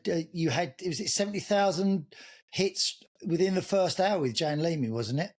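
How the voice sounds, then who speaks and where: A man's voice: fairly high pitch, normal speed. A man hosting a podcast in casual chat, a little hesitant and restarting his sentences. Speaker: podcast host.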